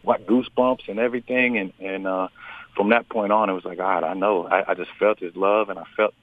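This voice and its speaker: An earnest man speaks over a tinny phone line, his voice sitting low. He talks in a halting way, restarting his sentences often. The sound is dry and close. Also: steady tone, no room sound. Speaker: radio guest, musician. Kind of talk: phone interview testimony.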